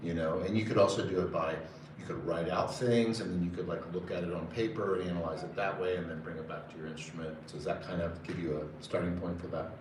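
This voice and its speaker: A man's voice: sits low, fairly even intonation, fast, distant mic, background noise. A man teaching a live music lesson in a casual, hesitant way, often counting beats aloud. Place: conference center room. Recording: roomy sound from off-mic with loud music.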